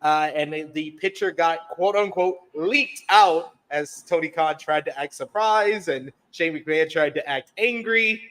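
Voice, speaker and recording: A man's voice: on the high side, a little slow, few pauses, fairly bright tone. A man hosting a casual wrestling review podcast, reading viewer chat messages aloud in a chatty way. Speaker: podcast host. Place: based in the UK.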